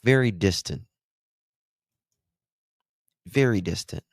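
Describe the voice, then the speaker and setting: A man's voice: lowish voice, takes it slowly, no echo, clean studio sound. A man with an Appalachian accent giving blunt, sarcastic true crime commentary while reacting to interview clips.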